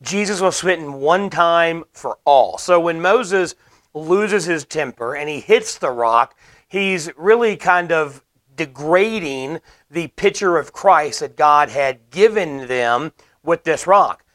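A man's voice: a little high, expressive, takes it slowly, fairly bright tone. Earnest man preaching a sermon. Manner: earnest, explanatory preaching with emphatic repetition.

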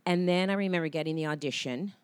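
A woman's voice: low-pitched, fast, smooth, no echo. A woman actress telling stories as a guest on a casual interview show, rambling with many ums and restarts.

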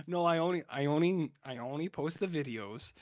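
A man's voice: on the high side, normal speed. A man co-hosting a podcast, recapping a TV episode in casual chat, rambling and full of filler. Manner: rambling, acts out characters' lines in quotes. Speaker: podcast co-host.

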